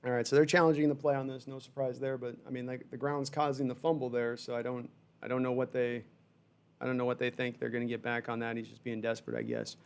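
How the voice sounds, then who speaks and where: A man hosting a fan livestream, giving rambling, animated live sports reaction with frustrated asides while reading chat. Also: mid-range voice, fast talker, smooth.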